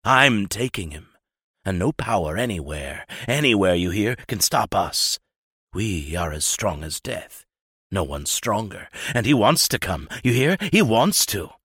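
A man's voice: fairly low pitch, sing-song, measured pace, fairly bright tone, husky, no room sound, studio quality, exaggerated voice. A man reading an audiobook voices a demon speaking through a possessed young man, screaming and contemptuous. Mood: taunting.

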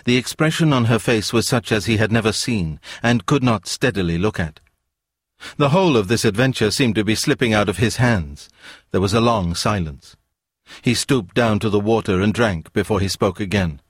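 A man reading a novel aloud in a measured, even narration. His voice sits low. The recording is dry and close, with no room sound. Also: breathy edge, no echo. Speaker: audiobook narrator. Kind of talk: scripted narration.

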